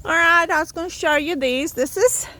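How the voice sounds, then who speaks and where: A woman's voice: very high-pitched, moderate pace, noisy background. An older woman, out of breath, chatting casually to the camera from a goat pen while coaxing her goats. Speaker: goat farmer. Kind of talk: casual farm vlog. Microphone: handheld camera on a stand.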